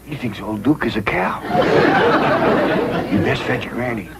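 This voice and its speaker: An actor playing a calm backwoods family patriarch with a dry, folksy Ozarks drawl in a 1960s sitcom. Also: male voice, mid-range voice, a little slow, a loud crowd, close to an everyday voice. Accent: Ozarks rural American. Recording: noisy old TV soundtrack.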